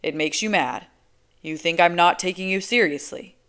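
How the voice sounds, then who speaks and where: A woman's voice: fairly low pitch, normal speed, close to an everyday voice. A woman reading an audiobook, voicing a laid-back young man who teases, with emphatic, amused delivery. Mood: teasing. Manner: relaxed, teasing, emphatic. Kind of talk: audiobook character voice.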